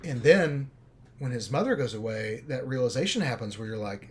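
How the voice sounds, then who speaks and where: A man's voice: mid-range voice, normal speed. Rambling man telling a story. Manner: rambling, animated storytelling with frequent fillers. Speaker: film director. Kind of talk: casual livestream talk.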